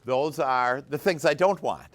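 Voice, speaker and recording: An enthusiastic man leads a small motivational workshop, speaking at a middle pitch. He chats easily with the group, breaks into laughter, and keeps a loose, conversational flow. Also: unhurried, fairly bright tone. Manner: enthusiastic, chatty, laughs often. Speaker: workshop leader and coach. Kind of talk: live motivational workshop talk.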